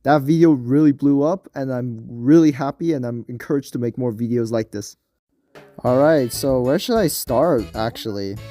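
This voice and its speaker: A young man with a nasal voice talks through a video game session in a loose, rambling way, stopping often to restart his sentences. His pitch sits in an ordinary middle range. Soft game music plays faintly underneath. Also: moderate pace, no echo. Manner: rambling, hesitant, many fillers and restarts. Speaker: gaming video creator. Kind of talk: casual gameplay commentary.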